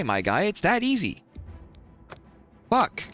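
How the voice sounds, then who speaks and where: Excitable swearing male game streamer. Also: medium pitch, moderate pace, faint music behind. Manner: excitable, swears, urges and pleads with game characters. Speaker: streamer playing a video game. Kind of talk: live gameplay commentary.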